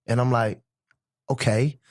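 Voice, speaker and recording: A man co-hosting a podcast, talking reflectively in casual chat, halting with fillers. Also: medium pitch, fairly even intonation, a little mellow, no room sound, clean studio sound. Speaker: podcast co-host.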